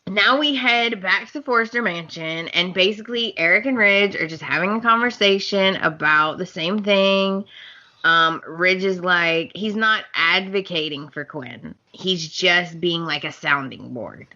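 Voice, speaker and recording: A woman retelling soap opera scenes in a relaxed podcast chat, slipping into the characters' lines as she goes. Her voice is bright and a little low, and she takes her time. The recording sounds slightly dull. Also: unhurried. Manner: animated storyteller, acts out scene quotes with laughs. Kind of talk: casual chat.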